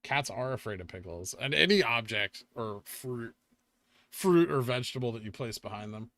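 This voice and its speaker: A man's voice: mid-range voice, animated, moderate pace, fairly bright tone, no room sound. A man with a Californian accent, chatting casually while hosting a live trading stream and answering questions from chat. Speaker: livestream host.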